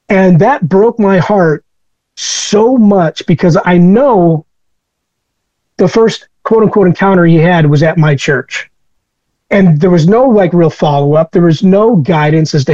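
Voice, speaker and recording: A man's voice: high-pitched, a little slow, darkish tone, no room sound. A man speaking as an interview guest, telling personal stories in a candid, reflective way, on a dull lo-fi recording.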